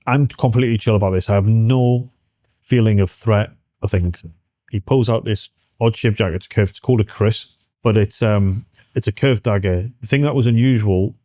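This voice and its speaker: A British man in his forties, a military veteran telling a story in an interview, halting and restarting as he acts out what others said. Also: fairly low pitch, warm tone, no room sound, studio quality.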